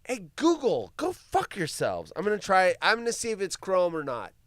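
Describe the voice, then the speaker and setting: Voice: mid-range voice, wildly swooping pitch, moderate pace, a bit bright, no room sound. A live stream host doing solo commentary, ranting with profanity, mocking asides and laughter while reading the news aloud.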